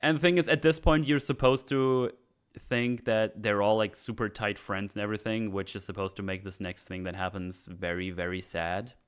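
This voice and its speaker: A man with a fairly low voice talks through a video game in casual podcast chat. He acts out the characters' lines as he retells scenes, his voice climbing high with mock outrage. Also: level tone, normal speed, clear, resonant tone. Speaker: podcast host.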